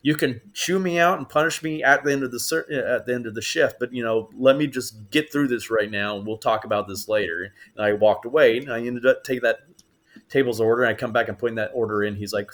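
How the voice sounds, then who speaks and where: A man, an actor guest on a podcast, telling stories in casual chat and acting out the voices of the people in them. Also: medium pitch. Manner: animated storyteller acting out quoted voices.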